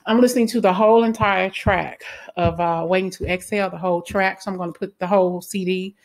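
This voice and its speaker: A woman's voice: medium pitch, fairly even intonation, fairly quick. A woman giving a casual tarot reading, talking bluntly, swearing freely and often ending lines with "okay?". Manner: blunt, swears freely, flares into angry outbursts; frequent "okay?" tag questions. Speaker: tarot reader.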